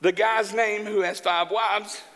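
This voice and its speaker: A man from Arkansas preaching a sermon in a church, joking in a folksy, animated way. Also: sits high, slow, noisy background. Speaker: pastor. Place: church sanctuary. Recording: church hall with long reverb.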